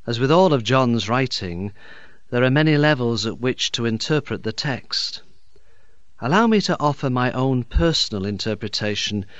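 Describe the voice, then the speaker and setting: A man, a bishop, giving a calm, explanatory reflection on a Gospel reading. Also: medium pitch, no echo. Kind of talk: sermon reflection. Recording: dull, dry, lo-fi recording.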